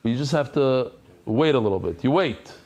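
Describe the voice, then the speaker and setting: A man who is a rabbi giving a Talmud lecture, talking conversationally to his class and acting out anecdotes with lively energy. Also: mid-range voice, fairly quick, muffled recording, a little hiss or hum. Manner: animated storyteller who acts out anecdotes; conversational, addresses the class directly.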